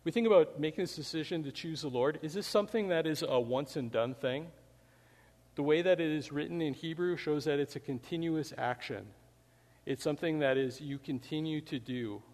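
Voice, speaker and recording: A man's voice: a little high, brisk, darkish tone. A man preaching a sermon in a church, speaking conversationally with many "you know" fillers. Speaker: pastor. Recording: long hall reverb.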